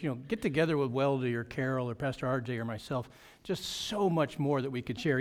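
A middle-aged man, a pastor, giving a lively report on a mission trip to his church. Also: medium pitch. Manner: animated storytelling with frequent laughs.

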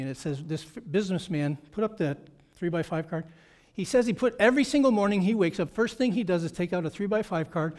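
Pastor, man in middle age, bright high voice, preaching with punchy repeated phrases. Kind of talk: sermon.

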